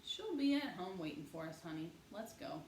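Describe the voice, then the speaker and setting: Woman doing a stubborn boy, curt, noncommittal, lively voice, roomy echo. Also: fairly low pitch, normal speed. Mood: firm. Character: guarded, stubborn boy team captain, curt and protective. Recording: echoey room, faint hiss.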